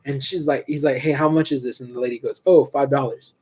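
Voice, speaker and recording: A young man co-hosting a podcast, telling stories in a slangy, animated way. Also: medium pitch, slightly rough. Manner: fast, slangy, animated storyteller. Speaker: podcast co-host. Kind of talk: casual chat, storytelling.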